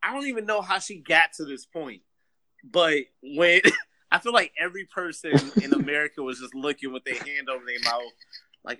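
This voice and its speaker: A man co-hosting a casual podcast, telling a story in an animated way and laughing often as he talks. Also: a little high, moderate pace, no room sound, clean studio sound. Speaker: podcast co-host.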